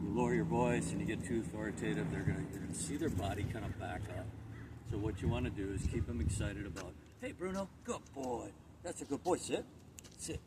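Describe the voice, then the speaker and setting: A man working as a dog trainer, casually explaining his methods to a dog owner outdoors, with plenty of fillers, recorded on a camera held a few steps away. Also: lowish voice. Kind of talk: instructing a dog owner on the spot. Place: outdoors on an empty lot. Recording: distant camera mic with loud background noise.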